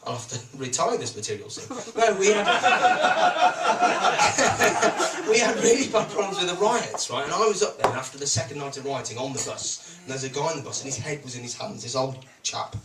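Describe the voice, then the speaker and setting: Cheeky Birmingham comic on a live stage. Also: male voice, medium pitch, animated, normal speed. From Birmingham, England. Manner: cheeky, teasing the front row. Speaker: stand-up comedian. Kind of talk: live stand-up comedy. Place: comedy club stage. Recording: roomy live venue, mic heard from a distance, loud crowd noise. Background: audience laughter.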